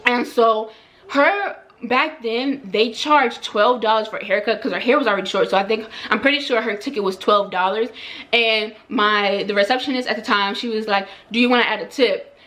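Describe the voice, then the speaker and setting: A woman's voice: fairly high pitch, normal speed, bright, forceful tone. A young woman, a hairstylist, telling a story in a casual, chatty way with lots of "like" and repeated phrases. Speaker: hairstylist and vlogger.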